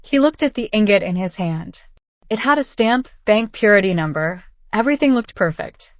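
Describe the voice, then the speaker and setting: A woman narrating a dramatic first-person story in a steady reading voice. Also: mid-range voice, normal speed, dry recording, highs cut off.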